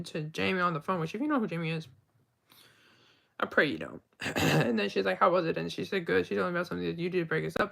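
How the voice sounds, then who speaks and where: Fast-talking, gravelly-voiced man. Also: high voice, pushed and bright. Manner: rambling, retells text chats with "and I was like". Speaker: livestreamer. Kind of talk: rambling livestream storytime.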